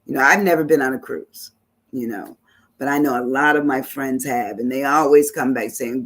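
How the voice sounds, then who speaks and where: A woman's voice: rumbling low, moderate pace, fairly bright tone, slightly rough. A woman hosting an online talk show, chatting casually and reflectively as she reads viewer comments aloud, with many "you know" asides.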